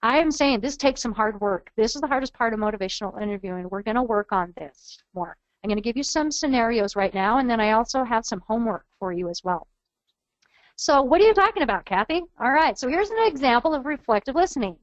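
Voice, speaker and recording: A woman's voice: on the high side, expressive, fairly quick, no room sound, lo-fi sound. A woman trainer giving a webinar lecture in an earnest, coaching manner, modeling phrases aloud.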